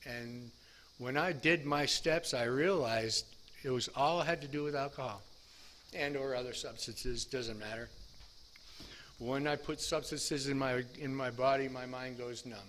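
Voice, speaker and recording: A man's voice: medium pitch, unhurried, fairly bright tone, a little hiss or hum. A middle-aged man telling his recovery story as personal testimony, candid and self-deprecating, full of restarts.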